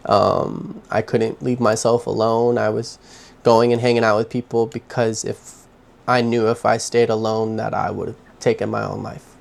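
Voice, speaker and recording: A young man vlogging from his home, telling his own story in a candid, halting way with heavy sighs. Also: on the low side, little pitch movement, gravelly. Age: young adult. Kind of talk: personal confessional story.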